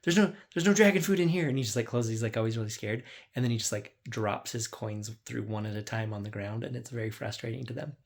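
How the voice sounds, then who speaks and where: A man's voice: on the low side, flat delivery, fast, gravelly, few pauses. A man who runs a tabletop game as dungeon master, casually recapping his sessions in a rambling way, full of "like.". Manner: rambling, lots of "like", acts out quotes.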